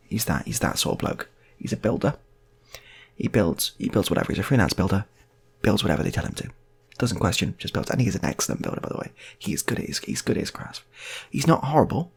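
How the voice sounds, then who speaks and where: A man's voice: on the low side, very animated, quick pace, creaky, slightly rough. A man improvising comic stories in a rambling, laid-back way, repeating himself. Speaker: storyteller.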